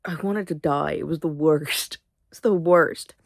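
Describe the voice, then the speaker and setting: A woman's voice: low voice, a little slow, gravelly, no echo, clean studio sound. A sleepy, sniffly young woman vlogging in casual, rambling chat, swearing freely. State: sleepy, yawning; sniffly, congested.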